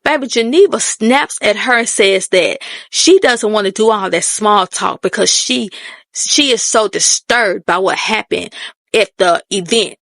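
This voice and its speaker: A woman's voice: medium pitch, measured pace, creaky, fairly bright tone, dry recording, studio quality. A woman casually recapping a TV episode in a sassy way. She talks straight at the characters and calls people baby and girl. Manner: folksy terms of address like baby and girl. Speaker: TV recap host.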